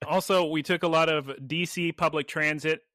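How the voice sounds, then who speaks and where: A man co-hosting a podcast, chatting casually and telling stories in a playful, animated way. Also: on the high side, moderate pace, no room sound, studio quality. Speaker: podcast co-host. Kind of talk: casual chat.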